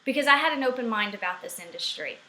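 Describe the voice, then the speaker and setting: A woman's voice: on the high side, expressive, fast talker, sharp tone, roomy sound, low-quality recording. A middle-aged woman ranting animatedly in a casual vlog from her home office. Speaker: network marketing vlogger.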